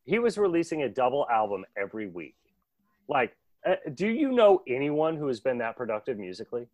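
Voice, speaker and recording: Give me an animated male podcast host with a dry, close sound. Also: medium pitch, dry recording. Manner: animated, laughing, doing quick voices. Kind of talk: casual chat recapping a cartoon.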